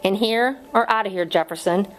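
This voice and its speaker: A woman's voice: mid-range voice, brisk, lightly acted, rough recording. A woman voicing an earnest young male schoolteacher in an audiobook reading, pleading with strained patience.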